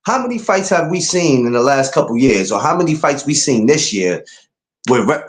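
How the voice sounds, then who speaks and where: Animated New man talking boxing. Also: mid-range voice, normal speed, reverberant. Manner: animated, emphatic, rising to incredulous outbursts. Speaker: podcast host. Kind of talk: casual boxing talk.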